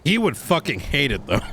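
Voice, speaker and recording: A man's voice: fairly high pitch, creaky, a bit bright, slight background noise. A man streaming a role-play game, bantering and giving orders in character. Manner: bantering, laughing, bossy in character.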